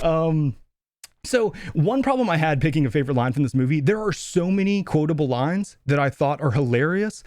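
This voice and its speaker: A young man talks casually on a podcast, rambling and laughing, with loose swearing. His voice sits a bit high for a man. The sound is dry and close. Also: darkish tone, no room sound. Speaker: podcast co-host. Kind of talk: casual movie review chat.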